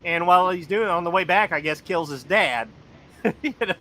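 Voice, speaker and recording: A man's voice: sits high, a little fast, pushed and bright. A man co-hosting a podcast, rambling and cursing in casual chat, laughing often. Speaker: podcast co-host.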